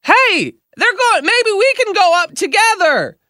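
A man voicing a middle-aged wife who is impatient, bickering and exasperated in a much higher voice. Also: sing-song, a little slow, sharp tone, dry recording, studio quality, exaggerated voice. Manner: shrill, exasperated complaining.

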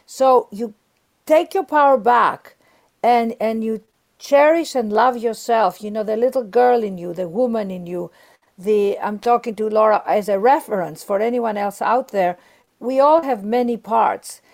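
A woman's voice: fairly high pitch, measured pace, darkish tone. A middle-aged woman, a guest author, talking earnestly about prayer in an interview and acting out the inner voices she describes. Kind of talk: warm spiritual interview talk.

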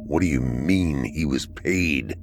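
A man's voice: extremely low pitch, slow, soft background music, heavily acted. A man voicing a weary, terse deputy sheriff who talks in short, guarded questions. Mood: guarded, probing. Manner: curt, guarded.

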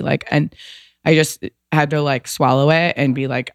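A woman's voice: sits low, fairly even intonation, moderate pace, no echo. Woman telling an emotional story, dry sound. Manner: emotional, rambling, lots of "like" and restarts. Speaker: guest. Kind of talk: casual storytelling.

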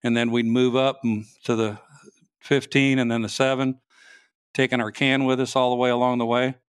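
A man, a state trooper, telling his story in a casual interview, halting and restarting sentences as he goes. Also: medium pitch, little pitch movement, clean tone, no room sound, studio quality.

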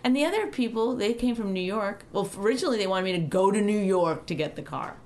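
A woman comedian co-hosting a podcast, chatting casually and telling profane, animated stories. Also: medium pitch, fast. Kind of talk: casual chat.

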